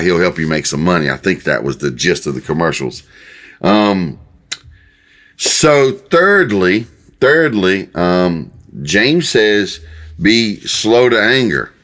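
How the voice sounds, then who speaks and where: An older male pastor speaks in a loose, conversational sermon style, stopping and restarting his phrases often. His voice sits fairly low but has a bright, forceful edge. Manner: folksy, halting, many restarts and fillers. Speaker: pastor and Bible teacher.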